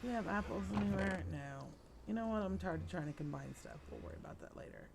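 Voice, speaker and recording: A woman's voice: lowish voice, sing-song, brisk, creaky, slight background noise. A middle-aged woman hosting a let's play, tired and yawning as she rambles through chatty stories while she plays. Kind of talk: casual gameplay chat.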